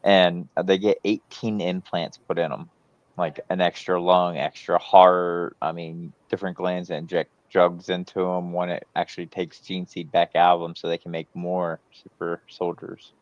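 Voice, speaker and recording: A man's voice: deep voice, flat delivery, moderate pace, highs cut off. A man in casual livestream chat, explaining things at length with many fillers.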